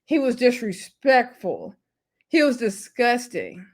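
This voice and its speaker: A woman's voice: mid-range voice, normal speed. Chatty woman giving a gossipy TV recap. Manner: chatty, opinionated, gossipy retelling with quoted voices. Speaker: reality TV recap host. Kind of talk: casual recap commentary.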